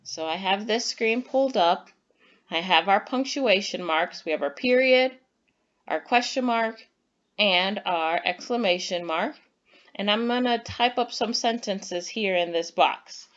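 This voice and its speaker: A woman's voice: mid-range voice, a little slow, fairly bright tone, lo-fi sound. A woman teacher giving an online lesson to young children, patient and encouraging, who reads example sentences aloud with exaggerated emphasis.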